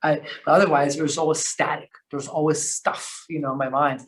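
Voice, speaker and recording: Male podcast guest, rambling storyteller, slangy, slightly high voice. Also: fairly quick. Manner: rambling, animated, lots of fillers and restarts; slangy, calls the host bro. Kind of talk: casual storytelling conversation.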